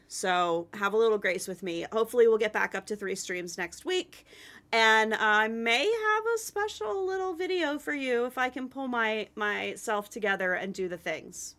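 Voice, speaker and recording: A woman's voice: a little high, pushed and bright. A woman in her thirties, a game streamer, chatting in a bubbly, casual way with many fillers as she wraps up a live stream.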